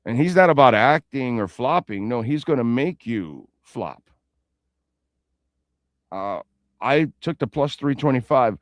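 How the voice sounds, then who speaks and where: A man's voice: mid-range voice, lively intonation, unhurried, pauses often, dry recording. A man hosting a sports radio show in a casual, rambling way, with playful asides and betting talk. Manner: reads sponsor ads and betting lines.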